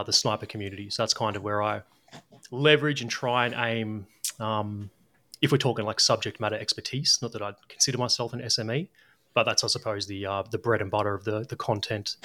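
A man with an Australian accent, a guest on a casual interview, talking in a measured, hedging way. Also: on the low side, sharp tone. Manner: measured, hedging, says "mate". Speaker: guest, former army sniper.

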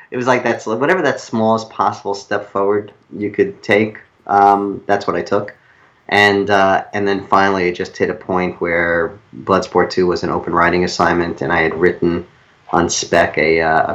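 A middle-aged man with a New York accent talks in a low voice, looping through his stories with halting restarts and self-corrections. The audio sounds dull and lo-fi. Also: a bit bright. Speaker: guest screenwriter. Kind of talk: casual interview storytelling.

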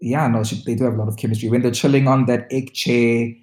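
A co-host chatting in a casual reality-TV recap, exclamatory with quick asides. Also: medium pitch, steady tone, darkish tone. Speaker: podcast co-host. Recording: echoey room.

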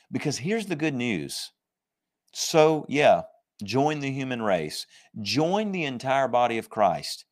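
A man preaching a sermon, emphatic and conversational, slowing down to stress scripture verses and joking with his listeners. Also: lowish voice. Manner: jokes and laughs with the congregation.

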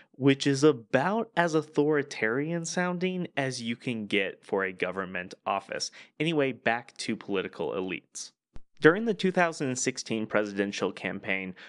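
A man's voice: mid-range voice, smooth. Male host for a politics podcast: loose, conversational explainer who drifts into asides and fillers. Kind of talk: casual political explainer monologue.

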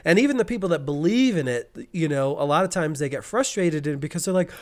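Man, podcast co-host, animated storyteller, slightly high voice, acts out frustrated cursing. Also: fast talker, few pauses. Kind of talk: casual podcast chat.

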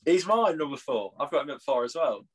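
A man's voice: fairly high pitch, sing-song, a little fast, breathy edge. A young English man co-hosting a casual sports podcast, joking and laughing often. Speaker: podcast co-host. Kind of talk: casual chat.

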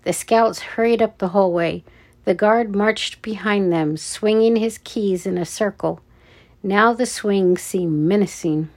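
A woman reading a children's adventure story aloud, with deliberate, measured narration. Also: medium pitch.

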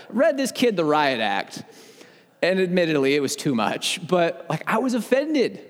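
Animated man teaching in an echoey room. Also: high voice, normal speed. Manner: animated storyteller who gets worked up. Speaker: podcast host teaching on faith. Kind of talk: conversational Bible teaching with personal stories.

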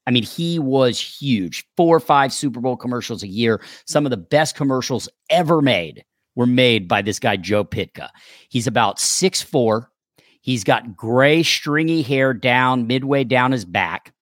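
Animated man telling a story. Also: mid-range voice, a little slow, no room sound, studio quality. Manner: animated, acts out quoted dialogue. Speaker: actor guest. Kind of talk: casual storytelling.

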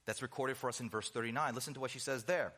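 Bright-voiced emphatic male preacher. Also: medium pitch. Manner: emphatic, rhetorical questions, slows down for stress; conversational asides. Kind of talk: sermon.

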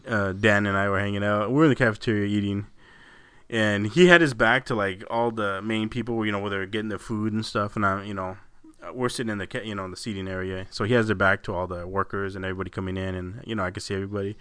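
A man's voice: fairly low pitch, steady tone, fast, sharp tone, smooth, no room sound. A man co-hosting a podcast, chatting casually and laughing often as he retells stories and acts out what people said. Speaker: podcast co-host. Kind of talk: casual chat.

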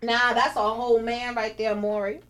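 A woman from Jamaica co-hosting a podcast, joking crudely in an animated way, laughing often and putting on different voices. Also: fairly high pitch, normal speed. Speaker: podcast co-host. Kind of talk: casual chat.

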